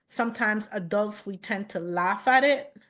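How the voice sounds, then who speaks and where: A woman chef as an interview guest, speaking in a measured, reflective way about her life. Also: medium pitch, a bit bright.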